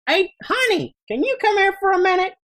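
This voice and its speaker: A game master voicing an excitable, foul-mouthed old male shopkeeper who swears and shouts. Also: very high voice, fairly quick, crowd noise, pitched above the performer's own voice, full character voice. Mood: calling out. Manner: swearing, loud and gruff.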